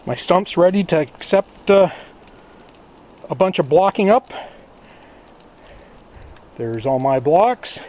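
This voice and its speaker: A man narrating a casual vlog at his small off-grid cabin, talking slowly and plainly to himself with sighs and asides. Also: high-pitched, animated, darkish tone, a little hiss or hum. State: out of breath. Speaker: cabin owner filming his visit.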